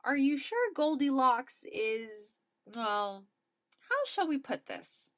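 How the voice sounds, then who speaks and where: A woman's voice: on the high side, big pitch swings, slow, a bit bright, exaggerated voice. A woman voicing a nervous gnome who hedges and stumbles over his words. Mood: awkward.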